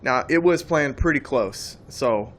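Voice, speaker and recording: A man preaches in a plain, mid-pitched voice. He talks emphatically and loosely, circling back and repeating phrases as he builds his point. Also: expressive, a little slow, fairly bright tone. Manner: emphatic, rambling, repeats words. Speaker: Christian speaker. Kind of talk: preaching monologue.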